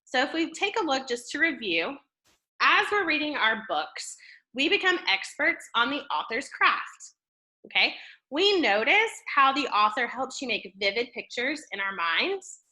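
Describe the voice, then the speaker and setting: A woman teaching a classroom reading lesson. She explains step by step, checks in often with the class, and uses an expressive tone to show how to read. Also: sits high, measured pace. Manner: explanatory, checks in with "okay?" and "right?"; expressive, shifts tone to model reading.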